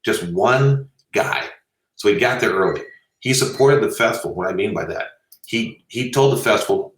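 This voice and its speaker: A low-voiced man telling stories and giving advice in a blunt, animated, jokey way. His voice sits back from the mic in an echoey room. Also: moderate pace, recorded from a distance. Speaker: film festival co-founder, guest. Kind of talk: casual interview storytelling.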